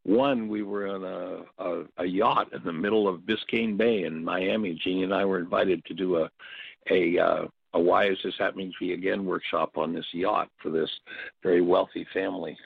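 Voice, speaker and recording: An older man leading a workshop, telling stories and teaching in a reflective, halting way with pauses and restarts. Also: deep voice, fairly even intonation, creaky, breathy edge, dry recording. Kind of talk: spoken teaching talk with stories. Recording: dull, dry lo-fi audio.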